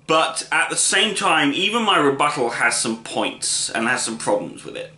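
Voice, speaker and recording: A man's voice: fairly high pitch, very animated, moderate pace, bright, forceful tone, reverberant. A man giving a casual film review to the camera, opinionated and rambling, with many ums and restarts.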